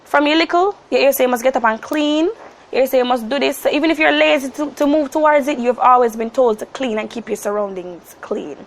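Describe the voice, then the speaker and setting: A young Jamaican woman of about nineteen telling a story to camera in a lively, casual way, slipping into Jamaican patois. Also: high-pitched, brisk, a little hiss or hum. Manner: animated, slips into Jamaican patois. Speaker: vlogger.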